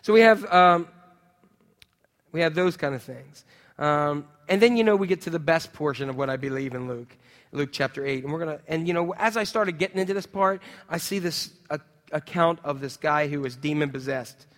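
A man preaching a sermon in a church, conversational and animated, full of rhetorical questions to the congregation. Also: a little high, moderate pace, big-room sound. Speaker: pastor. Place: church sanctuary.

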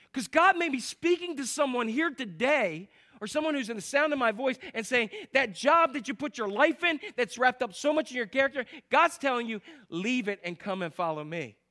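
A man preaching a sermon as pastor, animated, acting out the people in his stories. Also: sits high. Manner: animated storytelling, acts out quotes.

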